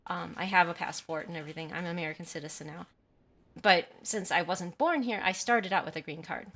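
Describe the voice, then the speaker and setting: A woman's voice: lowish voice, brisk, a bit bright. A woman livestreaming from home, casually telling a story and stopping to read and answer chat messages, often apologizing. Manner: chatty, apologetic, reads chat aloud. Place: at home by a window.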